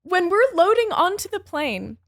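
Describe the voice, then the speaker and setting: A woman on a podcast telling a dramatic story in a casual, animated way, laughing as she goes. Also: extremely high pitch, unhurried, dry recording, studio quality. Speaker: podcast guest.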